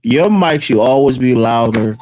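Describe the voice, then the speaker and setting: A man's voice: mid-range voice, lively intonation, measured pace, darkish tone, dull audio. A man on a panel in casual debate talk, teasing the host and giving him pointed advice.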